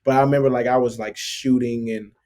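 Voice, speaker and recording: A man in his late thirties, a guest, relates his stories in a loose, rambling way, with plenty of filler words and a habit of adding "bro". His voice sits at an ordinary middle pitch. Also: fairly quick. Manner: loose and filler-heavy, constant "like" and "bro", animated retelling. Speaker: professional basketball player, guest. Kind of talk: casual storytelling interview.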